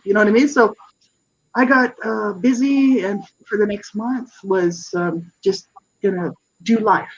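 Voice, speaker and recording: Husky-voiced woman telling her story. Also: medium pitch, moderate pace, a little mellow, dull audio. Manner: earnest, searching, frequent restarts and "you know, right?". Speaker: interview guest, author and advocate. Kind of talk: personal testimony in a radio interview.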